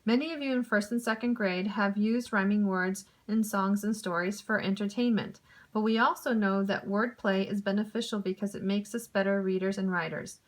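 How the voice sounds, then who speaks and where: A woman teacher giving a recorded lesson to young pupils, speaking clearly and deliberately. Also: medium pitch.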